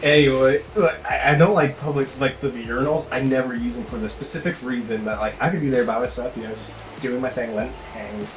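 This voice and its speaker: A man's voice: mid-range voice, steady tone, fast talker, few pauses, music in the background. A man hosting a casual comedic podcast, telling crude stories in a rambling way. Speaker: podcast host. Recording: roomy, off-mic.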